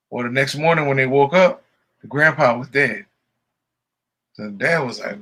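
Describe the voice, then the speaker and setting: Bright-voiced joking podcast host. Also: male voice, medium pitch, moderate pace, pauses often. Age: adult father. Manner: joke-telling, animated, laughs often. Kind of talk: casual chat.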